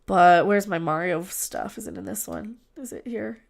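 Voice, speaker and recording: A woman's voice: mid-range voice, normal speed, creaky. A young woman hosting a casual livestream, rambling and chatty, often trailing off and restarting. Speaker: livestream host.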